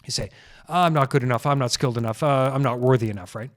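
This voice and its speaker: A man's voice: mid-range voice, fast talker. A man hosting a solo health podcast, talking into a microphone in an earnest, casual way and repeating key phrases for emphasis. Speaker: chiropractor podcast host.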